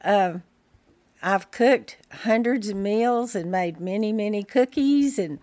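A woman, a prison ministry volunteer giving a gentle, hesitant encouraging message. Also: mid-range voice, slow pace, no room sound. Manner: gentle, hesitant, repeats words.

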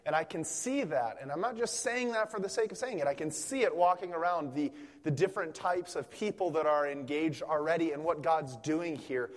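A young man from Pennsylvania delivers a sermon, his voice sitting high for a man. He jokes and tells everyday stories, often restarting his sentences. His words ring out with the long reverb of a church sanctuary. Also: normal speed. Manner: lively, joking storytelling with many restarts. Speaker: guest preacher.

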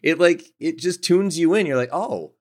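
A man's voice: fairly high pitch, normal speed. A man hosting a podcast in casual chat, thinking aloud and often stopping and restarting. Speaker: podcast host.

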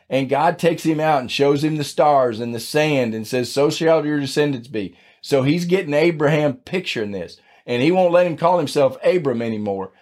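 A man with a fairly high-pitched, darkish voice hosts a devotional podcast as a Bible teacher. He teaches scripture in a folksy, conversational way and closes in prayer.

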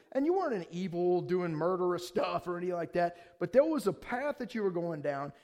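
High-voiced enthusiastic man preaching. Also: darkish tone. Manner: enthusiastic, conversational, frequent restarts and rhetorical questions. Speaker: pastor. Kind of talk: sermon.

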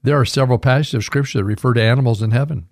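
An older man, a radio pastor, giving an earnest sermon and reading scripture aloud, often calling his listeners "folks" and slowing down to stress key words. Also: medium pitch, a little mellow, dry recording, clean studio sound. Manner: earnest, addresses listeners as folks, slows for emphasis.

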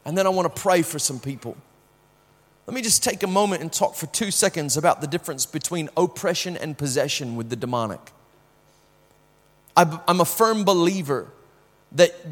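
A man preaching a sermon, telling a personal story with strong swings from hushed to loud, often repeating words as he starts sentences. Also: on the high side, animated, moderate pace, big-room sound.

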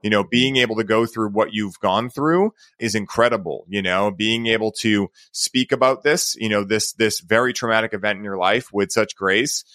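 A man's voice: on the low side, normal speed, hardly any pauses, a bit bright, no echo. Rambling laid-back male podcast host. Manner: rambling, heavy use of "like" and "right?". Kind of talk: casual podcast conversation.

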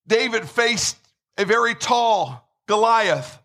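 A man preaching a sermon with emphasis, repeating words and rising to shouts. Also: sits high, lively intonation, slow. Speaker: pastor.

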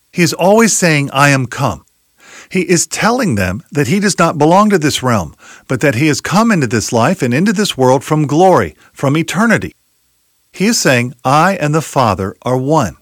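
Emphatic preacher with lively pitch. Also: male voice, normal speed, dry recording, clean studio sound. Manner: emphatic, rhetorical questions, quotes scripture. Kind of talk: expository sermon.

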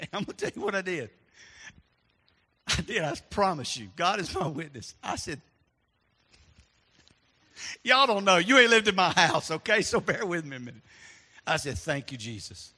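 A man preaching a sermon as pastor, animated and storytelling, dropping to a hush and then rising loud. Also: high-pitched, moderate pace, long pauses, long reverb tail.

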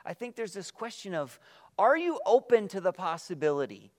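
Earnest male preacher, slightly high voice. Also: very animated. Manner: earnest, reflective, with slow emphatic drops at phrase ends; reads scripture aloud with quiet emphasis. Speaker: pastor. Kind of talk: sermon.

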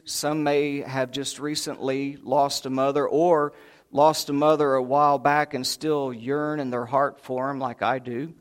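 A man preaching a sermon, a folksy storyteller who acts out voices and chuckles. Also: medium pitch. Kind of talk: sermon with humorous stories. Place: church sanctuary.

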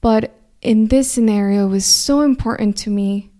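A woman's voice: mid-range voice, normal speed, dark tone. A young woman from California, a native Spanish speaker with a slight Mexican Spanish accent, telling a reflective personal story in an earnest, thoughtful way. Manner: earnest, thoughtful, frequent restarts.

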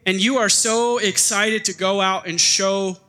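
A man preaching in a high, bright voice, talking casually and acting out little quoted bits as he goes. His words ring out through a church hall with a long echo. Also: unhurried. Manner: conversational, animated preaching with acted-out quotes. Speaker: pastor. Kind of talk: sermon.

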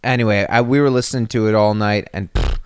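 A man's voice: lowish voice, fast talker, clear, resonant tone, no echo, studio quality. A man co-hosting a casual podcast, rambling through anecdotes with self-interruptions. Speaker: podcast co-host. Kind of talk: casual storytelling chat.

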